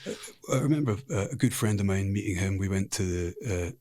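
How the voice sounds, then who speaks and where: A man's voice: sits low, animated, fast, mellow. A middle-aged man with a Scottish accent, a podcast guest telling frank, rambling stories in a casual interview. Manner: frank, rambling anecdotal storyteller.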